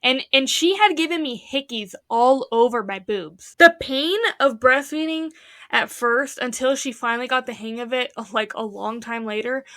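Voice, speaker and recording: A woman's voice: fairly high pitch, fairly bright tone, dry recording, clean studio sound. A young woman co-hosting a podcast in casual chat, telling stories dramatically, swearing freely and acting out what people said. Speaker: podcast co-host.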